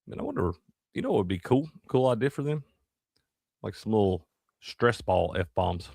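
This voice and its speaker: A man's voice: on the low side, expressive, moderate pace, creaky, darkish tone, dry recording. A man co-hosting a sports show, bantering casually and upbeat with his co-host. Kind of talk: casual chat.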